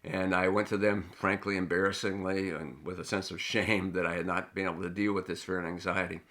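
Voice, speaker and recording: A middle-aged man preaches a sermon with earnest, storytelling warmth and lively emphasis. His voice sits somewhat low yet sounds bright and forward. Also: brisk. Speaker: pastor.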